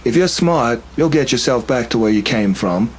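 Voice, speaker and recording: A man voicing an older male gas station attendant, gruff and evasive, with a drawling, folksy way of talking. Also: mid-range voice, lively intonation, moderate pace, a little hiss or hum, pitched above the performer's own voice, natural voice. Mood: ominous.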